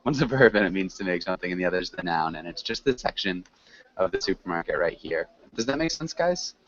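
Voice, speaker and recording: Guy teaching english online, low voice, muffly call audio with a bit of hiss. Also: lively intonation, dull audio. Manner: patient, encouraging, slow clear corrections. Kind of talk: online ESL class.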